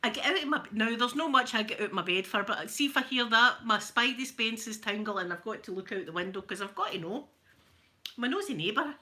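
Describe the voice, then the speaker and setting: A Glaswegian woman, an ASMR creator, chats casually and jokily at home while ironing, laughing often. Her Scottish voice is fairly high, animated, brisk, pushed and bright.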